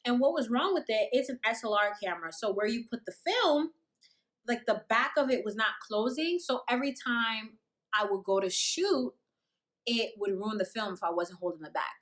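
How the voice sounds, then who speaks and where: Lively, bright-voiced young woman. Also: a little high, normal speed. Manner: animated, slangy, acts out quotes. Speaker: storyteller. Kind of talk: casual storytime.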